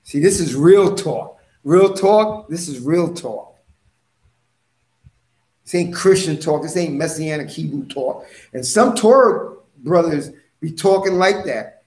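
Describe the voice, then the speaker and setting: A man preaching an impassioned monologue, forceful and swinging between loud bursts and low mutters. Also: animated, slow, roomy sound.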